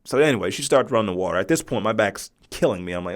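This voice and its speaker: Speaking very fast and expressively in a fairly low voice, a man in his forties recounts a personal story on his podcast. The tone is conversational, and he often asks the listener "right?"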